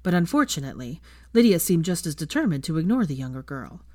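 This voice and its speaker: A woman reading fan fiction aloud as steady audiobook narration. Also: low-pitched, fast talker, no room sound, studio quality.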